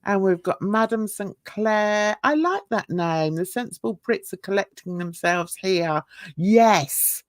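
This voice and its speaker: A woman's voice: medium pitch, expressive, a little slow, dry recording, clean studio sound. An older woman hosting a casual livestream chat, rambling and laughing often. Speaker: host.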